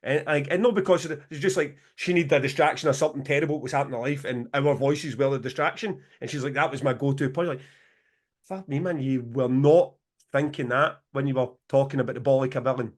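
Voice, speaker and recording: A Scottish man co-hosting a podcast over a video call, talking fast, swearing and laughing often. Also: mid-range voice. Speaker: podcast co-host.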